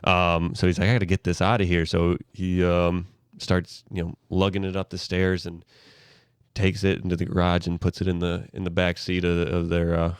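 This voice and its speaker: A man co-hosting a podcast, telling a comic story in an animated way, jumping into falsetto for characters and laughing often. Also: normal speed, clear, resonant tone, no echo, clean studio sound. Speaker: podcast co-host. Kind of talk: casual comedic storytelling.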